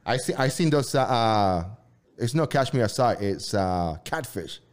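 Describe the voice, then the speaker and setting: A man's voice: medium pitch, lively intonation, measured pace. A man rambling through a casual chat, full of fillers and restarts.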